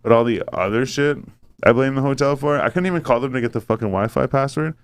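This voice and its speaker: A man at mid pitch tells a rambling story on a casual podcast, peppering it with swearing and putting on the voices of the people he describes. His delivery is loose and conversational. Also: fast talker, clean tone. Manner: profane, animated, acts out quoted voices. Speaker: podcast host.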